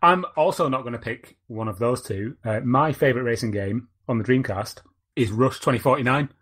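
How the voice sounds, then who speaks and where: Husky-voiced man chatting. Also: mid-range voice, fairly quick, fairly bright tone. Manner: rambling, searching for words. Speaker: podcast co-host. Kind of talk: casual chat.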